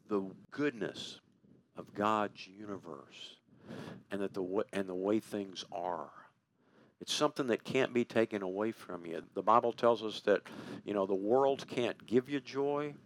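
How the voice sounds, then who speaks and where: A man preaching a morning sermon in a folksy, conversational way, slowing down to stress key words. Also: fairly low pitch, no room sound.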